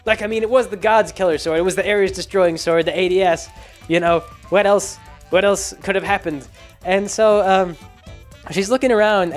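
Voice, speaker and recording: A man rambling sarcastically through a casual movie recap, full of fillers and restarts. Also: sits high. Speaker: vlogger.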